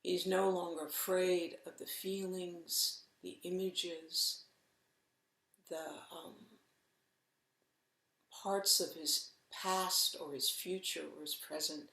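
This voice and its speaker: A middle-aged woman gives a Zen dharma talk at an unhurried pace, her lowish voice carrying a gravelly edge. She speaks gently and reflectively, with soft pauses. The room around her is echoey. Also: little pitch movement. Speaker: Zen teacher.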